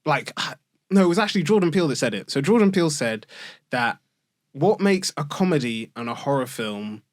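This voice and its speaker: A man's voice: on the high side, moderate pace, no echo, clean studio sound. A young man chatting casually on a podcast, telling stories with lots of fillers and frequent laughs. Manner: animated storyteller, filler-heavy, laughing often. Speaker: podcast guest or host. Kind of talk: casual chat.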